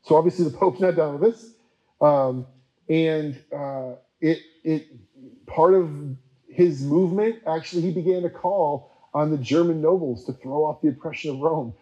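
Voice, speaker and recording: Male preacher, casual storyteller, chatty with filler words, slightly high pitch, mellow tone. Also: fairly even intonation, dull audio. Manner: chatty, with many fillers and quick acted-out quotes. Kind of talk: casual history teaching talk.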